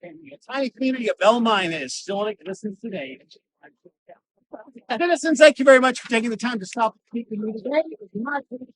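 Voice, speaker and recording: A man performing a first-person historical monologue as a costumed reenactor, telling his story with dramatic pauses and wry humor. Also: very high-pitched, lively intonation, rough recording. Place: outdoors in a cemetery.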